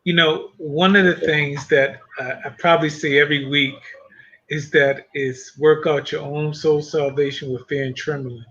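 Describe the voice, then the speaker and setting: A man on a Christian panel, sharing reflections on faith in a thoughtful, measured way. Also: a little high, steady tone, fairly bright tone. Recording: muffled lo-fi audio.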